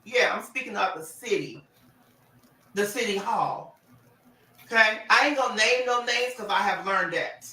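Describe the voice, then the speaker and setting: A man talking to his followers on a livestream, animated and sassy, often laughing. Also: sits high, unhurried, long pauses, echoey room, far from the mic, poor audio. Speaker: social media personality on a livestream. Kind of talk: casual livestream talk to followers.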